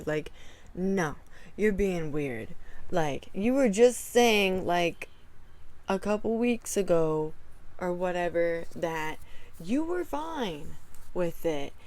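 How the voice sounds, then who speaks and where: A young woman vlogger retelling a family argument in a storytime vlog, exasperated and animated, acting out both sides of the quoted dialogue. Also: fairly low pitch, a little slow.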